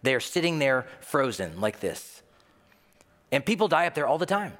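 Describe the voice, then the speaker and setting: A man's voice: medium pitch, very animated, moderate pace, a bit bright. A man preaching a sermon, telling a story vividly and acting out the voices of the people in it. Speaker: pastor. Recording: long hall reverb.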